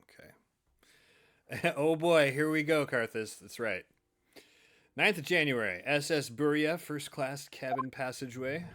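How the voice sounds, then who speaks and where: A man's voice: mid-range voice, unhurried, fairly bright tone. A man hosting a casual livestream, jokey and upbeat as he greets viewers. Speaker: livestream host. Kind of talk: casual stream chat.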